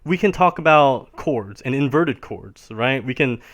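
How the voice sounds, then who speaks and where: This mid-range, expressive male voice moves at a measured pace while teaching piano over a live stream. Patiently laying out ideas, he keeps checking in by closing nearly each phrase with "right?"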